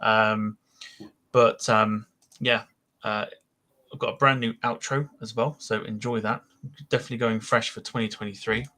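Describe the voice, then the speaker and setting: A man's voice: fairly low pitch, little pitch movement, moderate pace, pauses often, sharp tone. A man hosting a podcast, chatting casually and rambling with lots of ums as he wraps up the show. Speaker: podcast host. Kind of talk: casual podcast chat and sign-off.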